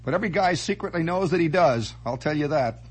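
A man's voice: on the high side, expressive, brisk, slightly rough. A man hosting a radio monologue, rambling theatrically and making sound effects with his voice. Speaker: radio host. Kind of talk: late-night radio monologue. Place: radio studio.

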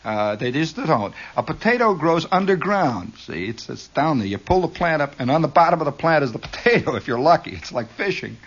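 A man telling a rambling, humorous story from his youth, with frequent asides and acted-out shouts. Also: a little high, brisk, hardly any pauses, breathy edge, highs cut off. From Indiana. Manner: animated, rambling, shouts and laughs for effect.

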